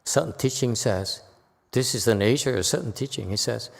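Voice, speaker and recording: In a temple lecture hall, a man gives a Buddhist dharma lecture in a chatty, joking style, often checking in with the audience with "okay?" and adding joking asides. His medium-pitched voice has vocal fry and a moderate pace, with long hall reverb on the recording.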